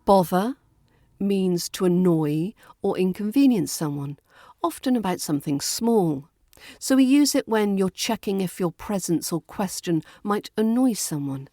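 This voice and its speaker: A British woman hosting a pronunciation lesson podcast, speaking clearly and slowing down to model words. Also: medium pitch, expressive, mellow, no room sound, clean studio sound. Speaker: podcast host and pronunciation teacher.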